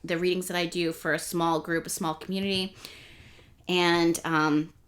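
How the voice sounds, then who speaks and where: A young woman hosting an astrology channel, talking casually and rambling a little as she explains the week's transits. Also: moderate pace. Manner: chatty, rambling, self-correcting; speeds up and rises in pitch when excited. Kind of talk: casual astrology talk to camera.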